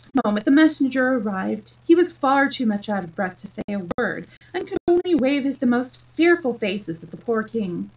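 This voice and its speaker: A woman with a somewhat high voice reads a children's story aloud. Her narration is steady and plain. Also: moderate pace, recorded from a distance, rough recording.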